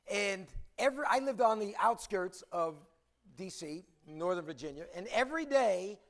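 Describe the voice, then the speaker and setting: A man with a high voice gives a lively conference talk. He tells a story in an animated way, throwing questions out to the audience as he goes. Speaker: conference speaker. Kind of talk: storytelling presentation.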